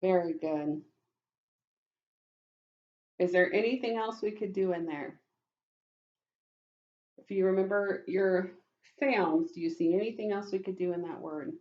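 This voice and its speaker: Slow, encouraging woman teaching phonics. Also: mid-range voice, muffled recording. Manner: slow, encouraging, praising often. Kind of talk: phonics lesson for young children. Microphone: webcam.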